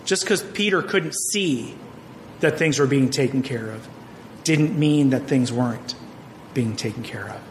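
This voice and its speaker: A middle-aged man preaching a sermon in a conversational, joking style, telling stories with animated energy. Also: medium pitch, a little slow, a little hiss or hum. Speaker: pastor.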